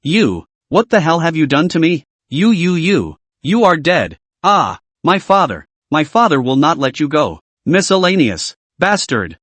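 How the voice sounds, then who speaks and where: A man's voice: a little high, big pitch swings, measured pace, few pauses, a bit bright, no echo, full character voice. A man voicing a spoiled young heir writhing in pain, sputtering threats at his attacker. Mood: pained, threatening. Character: young arrogant male heir in agony.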